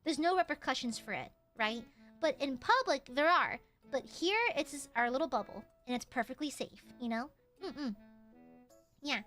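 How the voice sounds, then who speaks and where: A young adult woman streaming casually to her chat, switching from soft heartfelt talk to loud swearing outbursts. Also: high voice, normal speed, faint music behind. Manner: excitable, swears, jumps from tender to shouting at chat.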